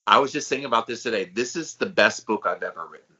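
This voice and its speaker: A man's voice: lowish voice, fast, pushed and bright, husky, highs cut off. A middle-aged man co-hosting a podcast, talking with upbeat enthusiasm in casual chat. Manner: enthusiastic hype-man delivery. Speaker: podcast co-host.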